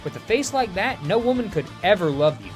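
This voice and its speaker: A man's voice: high-pitched, big pitch swings, brisk, soft background music. A man voicing a bold woman hero with a mocking way of talking. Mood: taunting.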